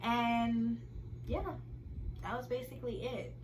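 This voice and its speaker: A young woman vlogger telling a casual storytime to her viewers, chatty and animated and often laughing. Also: a little high, slow pace, a little hiss or hum, rough recording.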